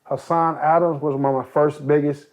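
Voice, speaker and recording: An older man from Compton, California, telling stories as an interview guest, animated and swearing freely. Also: a little high, moderate pace. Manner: animated, acts out quoted voices, swears freely. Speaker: interview guest, youth basketball coach. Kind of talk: casual storytelling. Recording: dull lo-fi recording.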